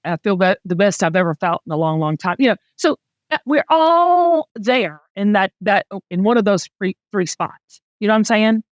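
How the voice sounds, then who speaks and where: A woman's voice: mid-range voice, sing-song, moderate pace, no room sound, muffled recording. A middle-aged woman with a Southern US accent, hosting a podcast and talking candidly and emotionally in casual chat. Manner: emotional, candid, chatty storytelling. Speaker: podcast host.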